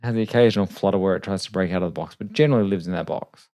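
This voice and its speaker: Low gravelly-voiced man talking quietly. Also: rapid-fire, dry recording. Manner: quiet late-night talk, self-deprecating. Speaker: trading livestream host. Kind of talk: casual live trading commentary. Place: home desk at night. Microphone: desk microphone.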